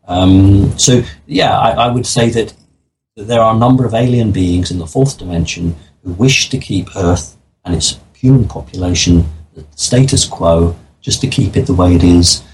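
A man's voice: fairly low pitch, darkish tone, slight background noise, rough recording. A man talking as a guest in an interview, explaining his views in an earnest, matter-of-fact way. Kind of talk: interview conversation.

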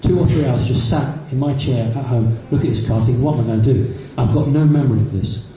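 This fast-talking man in his fifties has a mid-range voice and tells a live audience stories about his own life, often stumbling into fillers and restarts. The recording picks up a very echoey hall and faint background noise.

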